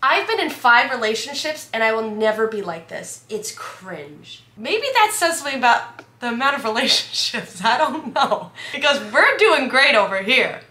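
A woman's voice: fairly high pitch, sing-song, normal speed, bright, forceful tone. A young woman co-hosting a couple's channel, chatting playfully and giggling as she reads comments aloud. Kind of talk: casual chat, reading comments aloud. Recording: echoey room.

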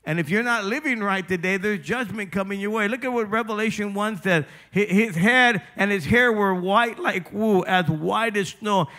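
A male pastor preaching a sermon, driving points home with emphatic repetition and shifting between loud declarations and quieter personal appeals. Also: a little high.

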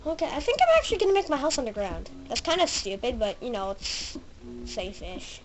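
Woman let's-play host, upper-ish voice, very animated pitch, jumpy and chatty with in-game animals. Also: brisk, soft background music, rough recording. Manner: excitable, easily frightened, chatters to the game animals. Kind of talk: casual gameplay commentary.

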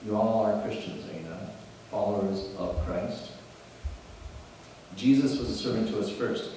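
Low-voiced guy pastor preaching, gets loud and excited, restarts a lot, big echoey church hall, faint background hum. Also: normal speed. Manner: animated, rising to emphatic bursts, with restarts. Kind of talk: sermon. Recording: echoey hall, mic at a distance.

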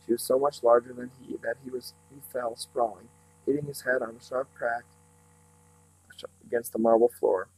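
A man reading a novel aloud in a steady, unhurried way, now and then slipping and starting a phrase over. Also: mid-range voice, husky, rough recording. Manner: steady, unhurried reading with small slips and restarts. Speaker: reader.

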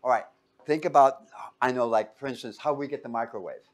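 Speaking a little fast with a medium pitch, a male teacher runs his class lecture-style. He tosses out fill-in-the-blank questions for students and animatedly acts out quotes using funny little voices.

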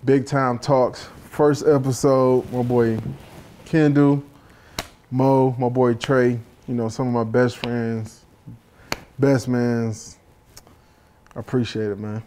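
A laid-back man in his thirties hosts a casual chat among friends. His voice is mellow and warm, and his pitch sits in the middle. He talks in easy slang and swears freely. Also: little pitch movement, takes it slowly, long pauses, a little hiss or hum. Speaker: talk show host.

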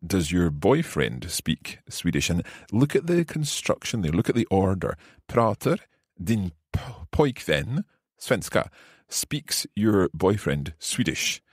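A man hosting a podcast language lesson, asking questions and repeating phrases slowly in casual chat. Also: sits low, very animated, husky, no echo, clean studio sound. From Scotland. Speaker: podcast host and learner.

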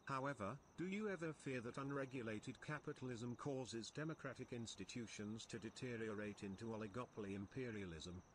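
A man speaks in game voice chat at an ordinary pitch, earnest and lecturing. Faint background hiss sits behind him. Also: fairly quick, hardly any pauses.

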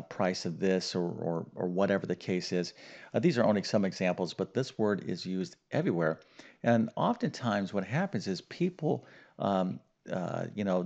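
A middle-aged male math teacher with a gravelly, somewhat low voice. He explains things emphatically and stays upbeat. The audio sounds dull and lo-fi. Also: darkish tone. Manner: emphatic, upbeat teacher talk with many okays and fillers. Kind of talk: online math lesson.

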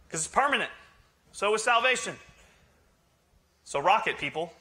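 A man's voice: high voice, very animated, normal speed, long pauses, bright, forceful tone. A male pastor preaching a sermon in a joking, conversational way, teasing his congregation. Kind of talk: humorous sermon.

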